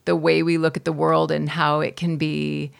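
A woman hosting a podcast, affirming and measured as she interviews a guest. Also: deep voice, little pitch movement, vocal fry, clean tone. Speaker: podcast host.

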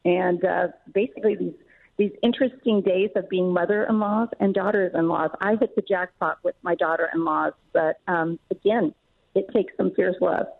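A woman's voice: on the low side, steady tone, vocal fry. Middle aged woman guest on the phone, earnest, emphatic, sounds tinny and phone-like. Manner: emphatic and earnest, quick laughs. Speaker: author and guest. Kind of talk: casual interview talk. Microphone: phone call.

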